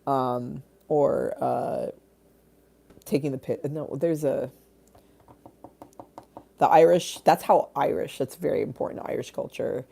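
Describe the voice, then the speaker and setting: Rambling woman with a low, mellow voice. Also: creaky. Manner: rambling, swears casually, reads out comments. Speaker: livestream host. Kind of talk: casual livestream chat. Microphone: phone.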